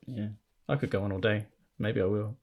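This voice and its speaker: A man's voice: lowish voice, steady tone, fairly quick, muffled recording. A man co-hosting a comedy podcast, tossing in dry, punning remarks. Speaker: podcast co-host. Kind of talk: casual comedic podcast chat.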